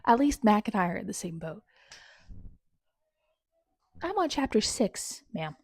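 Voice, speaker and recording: A woman book vlogger reacting out loud as she reads, dramatic and exclaiming at the author, sometimes dropping to a whisper. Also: mid-range voice, very animated, measured pace, breathy edge, no room sound. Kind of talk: casual live reading reactions.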